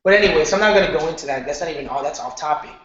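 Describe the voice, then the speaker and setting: A man teaching an online marketing lesson in a casual, animated way, often checking in with "okay?" and slipping into slang. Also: on the high side, very fast. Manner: animated, repeats "okay?", loose slangy talk. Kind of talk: casual training lecture. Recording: very echoey, muffled room.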